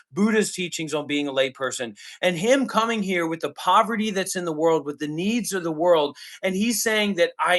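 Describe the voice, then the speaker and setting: A man's voice: a little high, a bit bright. A man live streaming, talking bluntly and lecturing the person he addresses.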